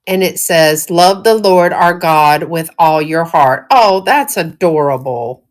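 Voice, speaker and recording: A middle-aged woman with a Southern US accent, chatting casually and folksily while showing thrifted jewelry, often breaking into giggles. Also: mid-range voice. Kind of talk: casual live-stream chat.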